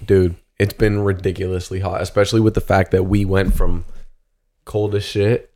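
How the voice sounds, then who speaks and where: Young man, low dark voice, profane joking podcast banter. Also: little pitch movement, moderate pace. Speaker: podcast co-host. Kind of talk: casual chat.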